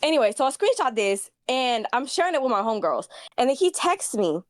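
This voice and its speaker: A woman calls in for advice, telling a petty story about her exes with plenty of animation. Her voice is fairly high and jumps around a lot in pitch, heard dry and close. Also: a little fast, no room sound. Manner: animated, petty, acts out quotes. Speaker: caller asking for advice. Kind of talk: casual storytelling.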